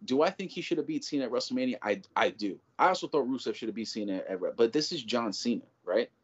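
A man talking in a casual chat as a show's co-host, animated and profane, rambling with lots of restarts. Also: mid-range voice, fast talker, slightly rough. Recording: dull lo-fi audio.

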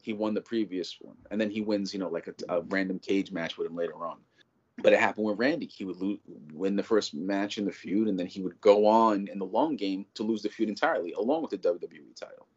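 Co-host type: a man with a lowish voice, excitable and profane, tripping over his own restarts, on a muffled low-fi recording. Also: brisk, breathy edge. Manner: animated, profane, rambling with many restarts. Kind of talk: casual chat. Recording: dull lo-fi audio.

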